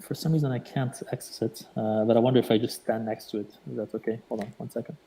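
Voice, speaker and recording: A panelist joining a video call, apologetic and unsure while finding his way in the software. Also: medium pitch, steady tone, fast, low-quality recording.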